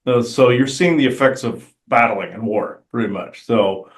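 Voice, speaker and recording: A man talking as a guest on a podcast, rambling and halting with many restarts and fillers. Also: mid-range voice. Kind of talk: casual conversation.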